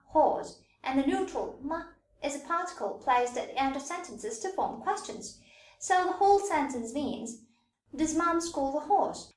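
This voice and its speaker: Female language teacher, high voice, deliberate tone demos, roomy echo. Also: sing-song. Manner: clear, deliberate demonstration of tones. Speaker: Mandarin teacher. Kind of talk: scripted language lesson.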